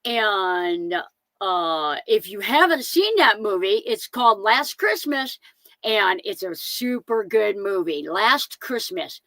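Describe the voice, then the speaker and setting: A woman's voice: medium pitch, animated, slow, pushed and bright, dry recording. A middle-aged woman hosting a live stream, chatting casually and greeting viewers one by one by name, often saying things twice. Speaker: van life channel host.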